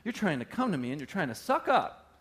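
A man delivers a sermon from the pulpit, his voice sitting a little high for a man. He preaches with sweeping dynamics, rising to loud emphatic peaks and sinking to near-quiet asides. He slips into the voices of the people in the story he retells. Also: sing-song, fairly quick. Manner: dynamic preaching with big swings in pitch and volume, acting out scripture voices. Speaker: pastor.

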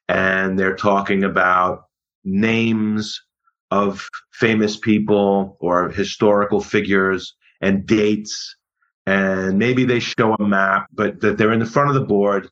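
A middle-aged man, a history teacher being interviewed, explaining in a measured, thoughtful way and often repeating words. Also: fairly low pitch, steady tone, a bit bright. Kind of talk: conversational interview. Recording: dull lo-fi audio.

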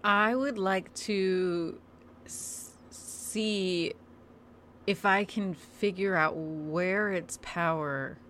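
A woman's voice: medium pitch, very slow, fairly bright tone, a little hiss or hum. A woman playing a tabletop role-playing game, thinking aloud and checking the rules. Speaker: player. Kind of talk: casual tabletop play.

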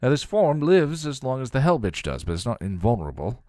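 Man putting on a cocky vampire, higher than his own voice, dry recording. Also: big pitch swings, a little fast, warm tone, no echo, natural voice. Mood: explaining. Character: brash cornered male vampire, cocky, defiant.

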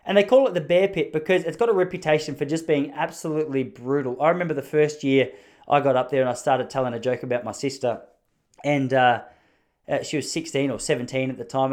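A man's voice: mid-range voice, darkish tone. An Australian man hosting a podcast, telling meandering, self-mocking jokes in casual comedic chat. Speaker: podcast host.

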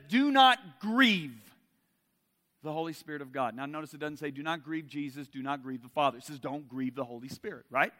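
A middle-aged man preaching a sermon, swinging from loud emphasis to soft intimacy and asking the audience direct questions. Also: on the high side, in a large hall.

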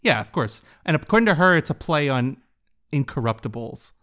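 A man's voice: mid-range voice, sing-song, fairly quick, fairly bright tone. A man hosting a casual interview, asking curious, easygoing questions. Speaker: podcast host.

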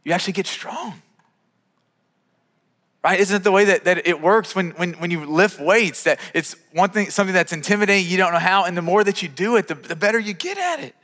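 A man's voice: high voice, animated, brisk, a bit bright, in a large hall. A male pastor preaching a sermon in a conversational way, often repeating words as he starts sentences.

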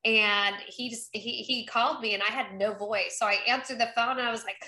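Speaking a little fast with a steady tone, a North Carolina congressional candidate sounds bright and forceful in a fairly high voice. She's upbeat and chatty during a casual interview, acting out quoted conversations, and the recording carries a roomy echo.

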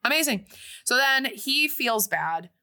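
Bright-voiced woman recapping a movie. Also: on the high side, unhurried. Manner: animated, breezy retelling with acted-out quotes. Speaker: podcast co-host recapping a film. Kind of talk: casual recap chat.

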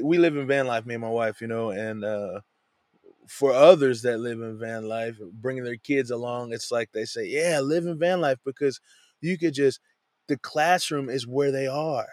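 A man walks through a scripture passage in an easygoing, conversational way, often dropping in "man" as he explains. His voice sits at a middle pitch. The sound is dry and close, with no room echo. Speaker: Bible teacher. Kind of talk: casual Bible study talk. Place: lives in a van.

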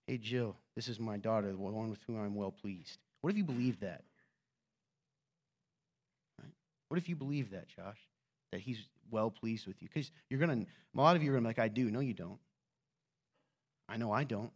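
A man's voice: medium pitch, fairly quick. Conversational pastor, man, preaching. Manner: conversational, joking with the congregation; rhetorical questions, swings from quiet to loud. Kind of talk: sermon. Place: church.

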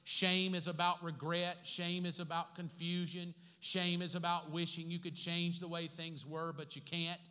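A pastor preaching a sermon to his congregation, dropping joking asides between slow, emphatic, repeated points. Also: fairly high pitch, little pitch movement, bright, forceful tone, clear, resonant tone. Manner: slow emphatic repetition of key phrases. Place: church sanctuary with congregation. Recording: long reverb from a large church hall.

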